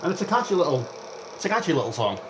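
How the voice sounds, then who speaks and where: Rambling excitable young man with a lively voice. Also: a little high, very fast, noisy background. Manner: chatty, rambling, jumps between topics; excitable, reacts aloud to the game. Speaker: gaming vlogger. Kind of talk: rambling gameplay commentary.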